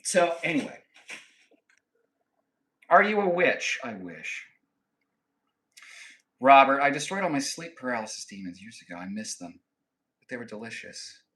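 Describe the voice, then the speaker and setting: A man's voice: mid-range voice, very animated, measured pace, long pauses, bright, forceful tone, far from the mic. A young man hosting a casual live stream, reading chat comments aloud and joking and trolling back at them. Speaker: livestream host. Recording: echoey room, voice a bit off-mic.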